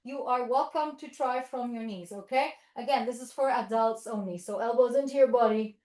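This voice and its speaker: Woman, yoga teacher trainer, bright higher voice, encouraging cues, playful meows and moos, roomy studio echo. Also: normal speed. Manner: encouraging cueing with playful animal sounds. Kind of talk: instructional yoga demonstration.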